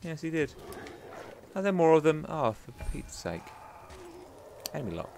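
A man's voice: on the high side, big pitch swings, normal speed, a little mellow, a little hiss or hum. A young man chatting and joking to himself as he plays a video game. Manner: chatty, jokey, talks to himself while playing. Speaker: gaming YouTuber. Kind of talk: gameplay commentary.

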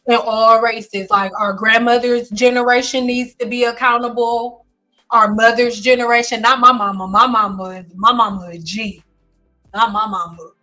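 Blunt, bright-voiced woman hairstylist. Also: on the high side, fairly even intonation, moderate pace, soft background music, poor audio. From Detroit. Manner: blunt, intense, joking. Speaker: hairstylist host. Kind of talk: livestream chat.

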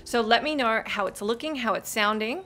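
A young woman chatting live with her viewers while gaming, bubbly and effusive, quick to laugh and to gush thanks. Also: fairly high pitch, pushed and bright. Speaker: game streamer.

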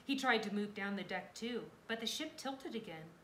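A woman's voice: mid-range voice, expressive, moderate pace, a bit bright. A woman reads a children's chapter book aloud, lending the scenes drama and expression. Her voice sits in a roomy, echoing space with faint noise underneath. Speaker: reader.

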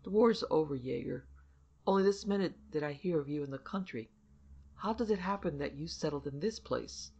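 Woman voicing a brisk ex-cavalry officer. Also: low-pitched, expressive, gravelly, mellow, breathy edge, full character voice. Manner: direct, questioning. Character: former cavalry officer, adult man, brisk.

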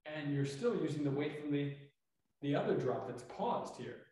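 A man teaching tai chi, explaining calmly with fillers as he demonstrates each movement. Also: fairly high pitch, normal speed. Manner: talks while moving through the exercise, relaxed and explanatory, with many fillers. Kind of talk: instructional demonstration. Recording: echoey room, mic far off.

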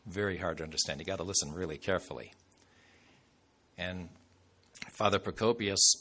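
A man's voice: sits low, pushed and bright. A man preaching a sermon as a bishop, telling a story in a loose, conversational way with fillers and asides.

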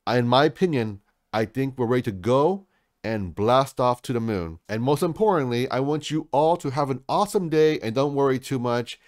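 A man's voice: mid-range voice, darkish tone, dry recording, studio quality. A man hosting a crypto channel, giving hyped market commentary in a salesy way and calling his viewers folks.

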